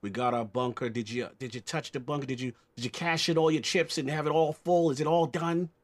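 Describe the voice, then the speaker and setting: A man co-hosting a casual gaming podcast, talking in a relaxed way full of "you know"s. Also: a little high, a little fast. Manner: relaxed, many "you know" and "mm-hmm" fillers. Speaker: podcast co-host.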